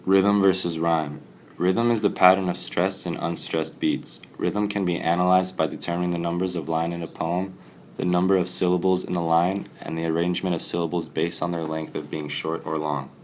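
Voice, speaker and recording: A man reading a poem aloud and then presenting a poetry analysis for class in a plain, steady way. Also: deep voice, normal speed, a little hiss or hum.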